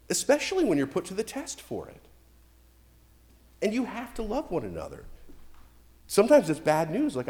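A middle-aged male pastor preaching a sermon, animated and emphatic, with swings between loud and quiet. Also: a little high. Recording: long reverb from a hall.

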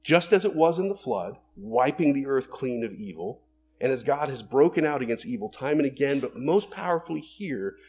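A man's voice: medium pitch, expressive, moderate pace, darkish tone. A man preaching a sermon in an earnest way, building to emphatic bursts and acting out the quoted lines. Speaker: pastor.

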